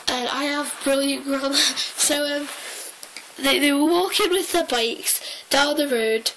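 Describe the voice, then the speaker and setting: A young woman tells a story in a high, unhurried voice. She rambles excitably, piles on fillers and restarts her sentences. A faint hiss sits behind her. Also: rough recording. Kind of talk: casual storytelling.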